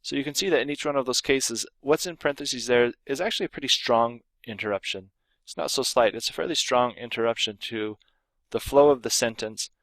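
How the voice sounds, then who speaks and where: A man gives a recorded grammar lesson, calmly explaining rules and reading out example sentences. His voice sits at a middle pitch. The recording is close and dry, with no room sound. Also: dry recording. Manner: explains with read-aloud example sentences, some fillers and restarts. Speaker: grammar teacher.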